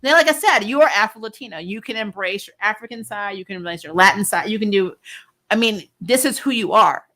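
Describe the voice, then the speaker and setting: A woman hosting a casual live stream, chatting and answering viewer comments, with frequent laughs and quick asides. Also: mid-range voice, pushed and bright. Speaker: YouTube host discussing a TV series.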